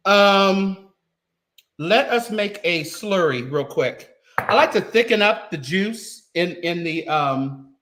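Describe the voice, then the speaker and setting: A man's voice: fairly high pitch, sharp tone. Chatty man cooking in a kitchen. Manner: chatty, talks straight to viewers while cooking. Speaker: cooking livestream host. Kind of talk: casual cooking chat. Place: home kitchen.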